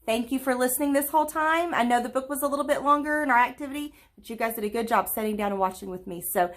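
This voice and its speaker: A woman's voice: sits high, fairly bright tone. Encouraging woman teacher clapping out syllables. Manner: slow, clear and encouraging, drawing out words while clapping syllables. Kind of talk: virtual lesson for young children.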